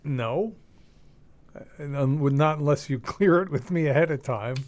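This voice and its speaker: A male radio host with a voice a little higher than most men, talking in an easygoing, matter-of-fact way. He lays things out plainly while bantering with his co-host and taking calls. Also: unhurried, a little mellow.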